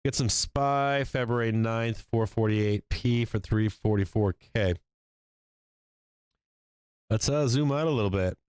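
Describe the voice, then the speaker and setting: Clear-voiced man calling stock trades live. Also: lowish voice, measured pace, long pauses, no echo. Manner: profane, excitable, laughs often. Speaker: stock market livestream host. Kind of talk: live trading commentary.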